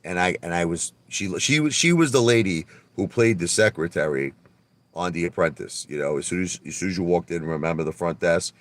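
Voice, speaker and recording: Low-voiced, brash man on a livestream. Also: brisk. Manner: animated storytelling, stammers and repeats words; brash and boastful, mild swearing. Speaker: livestream host. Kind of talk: casual livestream monologue.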